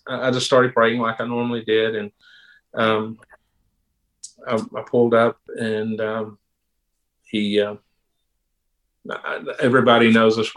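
A man in his fifties, a pastor and police officer, tells a personal story in a halting, unhurried way with frequent pauses and restarts. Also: on the low side, fairly bright tone, rough recording. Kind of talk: personal storytelling in a podcast interview.

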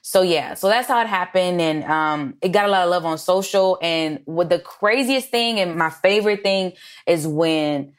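A woman comedian from Los Angeles, telling stories in a casual interview, animated, swearing freely and acting out quoted lines. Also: on the low side, moderate pace. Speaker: comedian and writer, guest.

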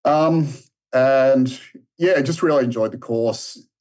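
An Australian strength and conditioning coach in his thirties, a podcast guest, tells a long story in a casual interview, full of restarts and fillers. He speaks slowly in a mid-range voice with a darkish tone.

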